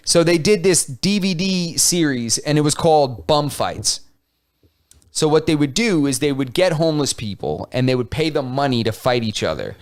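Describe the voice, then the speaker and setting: Guy on a podcast telling a wild story, slangy and animated, voice kinda high. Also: normal speed. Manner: animated storytelling, slangy, lots of "like" and "you know". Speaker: podcast co-host. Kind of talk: casual chat.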